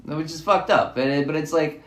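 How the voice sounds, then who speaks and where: A man's voice: on the high side, normal speed, a bit bright, slight background noise. Rambling spiritual man, echoey room. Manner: rambling, repetitive, musing. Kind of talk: spiritual monologue.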